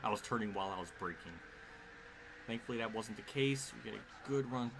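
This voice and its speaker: A man's voice: medium pitch, a little fast, fairly bright tone. Exasperated man swearing through live gameplay. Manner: exasperated, swearing, laughing at himself. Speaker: streamer. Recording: clear background noise.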